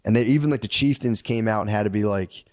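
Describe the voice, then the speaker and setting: A man with a lowish, slightly mellow voice talks quickly as a podcast co-host, spinning a history story. His telling is rambling, profane and comedic, and he acts out the characters while laughing.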